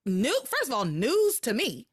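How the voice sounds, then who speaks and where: A woman podcast host telling a story in a casual, chatty way, her voice leaping higher whenever something surprises her. The sound is dry and close, with no room around it. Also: measured pace, husky, dry recording. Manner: animated storyteller, jumps up in pitch when excited. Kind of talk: casual recap chat.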